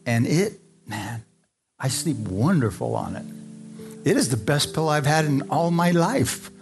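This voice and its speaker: A man's voice: on the high side, expressive, unhurried, vocal fry, over music. A man preaching a sermon who tells stories, acts out voices, reads scripture and asks the congregation questions.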